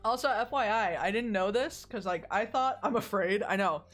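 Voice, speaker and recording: A woman's voice: medium pitch, normal speed, faint music behind. A woman streaming herself playing a game, chatting casually, joking with chat and reading on-screen text aloud.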